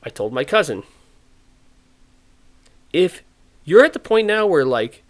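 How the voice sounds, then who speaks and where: A man hosting a podcast, talking in an animated, ranting way and acting out the voices he quotes. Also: a little high, takes it slowly. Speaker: podcast host. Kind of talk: casual podcast opinion talk.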